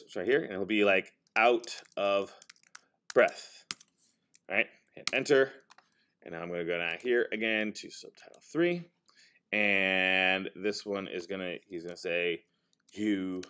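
A male teacher casually demonstrating software to a high school class, talking as he types and correcting himself along the way. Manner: casual, talks while typing, self-correcting.

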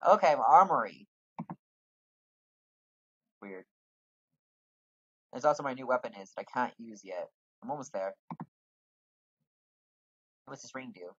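A man's voice: mid-range voice, expressive, unhurried, pauses often, a bit bright, slightly rough, lo-fi sound. A man casually talking through a role-playing game, reading quest lines aloud in put-on voices. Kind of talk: casual let's-play commentary, reading quest dialogue aloud.

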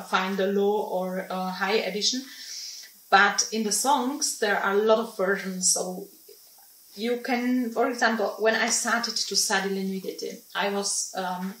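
A woman's voice: mid-range voice, a bit bright. Woman teaching singing, lots of ums and restarts, echoey and a bit far off. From Slovakia. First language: Slovak. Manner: halting, many ums and restarts, non-native phrasing. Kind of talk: informal teaching talk. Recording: roomy sound from a distant mic.

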